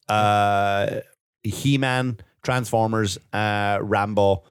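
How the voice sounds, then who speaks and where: A man's voice: mid-range voice, fast, dry recording, studio quality. A middle-aged man, co-hosting a podcast in casual chat and telling blunt, rambling stories full of swearing. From Ireland. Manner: blunt, rambling, profane storytelling. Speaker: podcast co-host.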